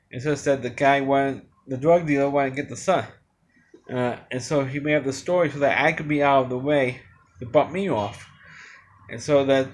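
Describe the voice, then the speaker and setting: A man giving an unscripted movie review, rambling along with many restarts and fillers. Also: mid-range voice.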